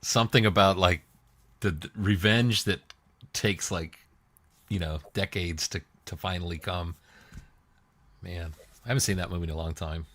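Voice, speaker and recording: A man co-hosting a casual podcast who rambles through stories, often restarting, and puts on squeaky voices for other people. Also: steady tone, moderate pace, long pauses, fairly bright tone. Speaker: podcast co-host. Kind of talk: casual chat.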